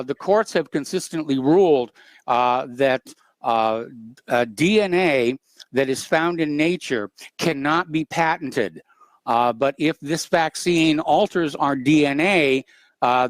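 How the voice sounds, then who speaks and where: A man hosting a talk radio show, speaking in a measured way with frequent filler sounds. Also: medium pitch, dry recording. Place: radio studio.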